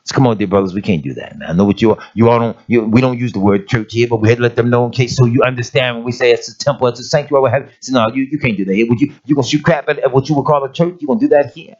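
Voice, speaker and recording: A man's voice: medium pitch, very fast, hardly any pauses, darkish tone. Emphatic middle-aged preacher man. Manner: emphatic, street-plain preaching with repeated "come on, man". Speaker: elder of an assembly. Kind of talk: conversational sermon. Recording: dull lo-fi sermon recording.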